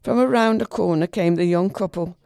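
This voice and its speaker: A woman reading a literary short story aloud in a measured, expressive way. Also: lowish voice, vocal fry, no room sound, clean studio sound. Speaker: reader.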